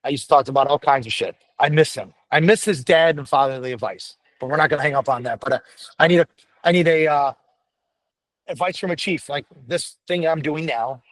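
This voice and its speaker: This American man, a firefighter paramedic, is a guest on a casual podcast interview, and his voice is fairly high and a little fast. He talks bluntly and profanely, rambling and restarting often.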